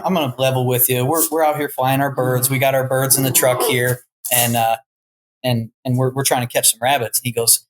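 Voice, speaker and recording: A man's voice: mid-range voice, steady tone, a little fast, background noise. A young man, a falconer and podcast guest, telling stories in a loose, laid-back way, full of "like" and "dude". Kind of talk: casual chat.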